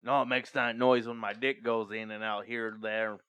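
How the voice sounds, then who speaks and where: A man co-hosting a comedy podcast, making crude deadpan jokes. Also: fairly low pitch, moderate pace, clean tone. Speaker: podcast co-host. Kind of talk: casual comedy podcast chat.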